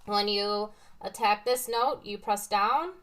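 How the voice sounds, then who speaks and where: A woman's voice: mid-range voice, slow pace. A woman teaching piano, patiently explaining with everyday comparisons between played examples. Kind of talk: casual teaching talk with demonstrations. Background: piano played between phrases.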